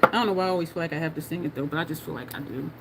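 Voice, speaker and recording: Her voice sits low and creaky, and she talks very fast against heavy background noise. A New Jersey native with a New Jersey and New York accent, she laughs often while casually chatting with viewers during a makeup livestream.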